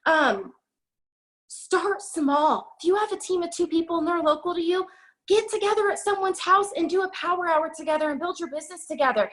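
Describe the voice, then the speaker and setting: High-pitched woman giving a pep talk. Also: a bit bright. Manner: fast, emphatic, preachy pep talk. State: out of breath. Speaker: network marketing team leader. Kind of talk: motivational talk on a video call. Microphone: video call.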